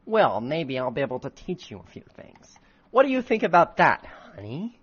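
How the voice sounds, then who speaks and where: A man's voice: fairly high pitch, wildly swooping pitch, normal speed, breathy edge, dull audio, heavily acted. A man voicing a flirty, mocking adult witch with a teasing, sarcastic manner.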